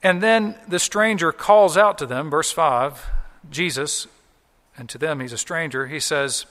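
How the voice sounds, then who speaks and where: A man's voice: fairly high pitch, a little slow, fairly bright tone, long reverb tail. A man preaching a sermon as pastor, explaining scripture in a conversational way and acting out quoted lines.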